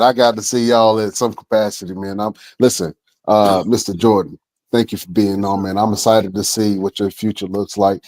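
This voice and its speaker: A man's voice: fairly low pitch, darkish tone. A man hosting a wrestling podcast, chatting casually and enthusiastically with slangy talk and easy laughter. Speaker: podcast host. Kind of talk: casual interview chat.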